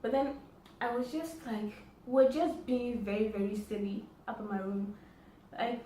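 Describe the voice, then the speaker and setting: A woman's voice: fairly high pitch, steady tone, measured pace, mellow, far from the mic. A woman telling a story in a casual vlog, chatty and acting out the dialogue. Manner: chatty, acts out quoted dialogue. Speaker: vlogger. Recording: roomy echo, faint background noise.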